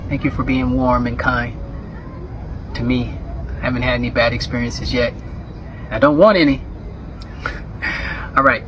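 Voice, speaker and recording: Animated American man, muffled street clip. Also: medium pitch, a little slow, long pauses, slight background noise. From United States. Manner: animated, acts out quoted voices, chuckles. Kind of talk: casual vlog talk to camera.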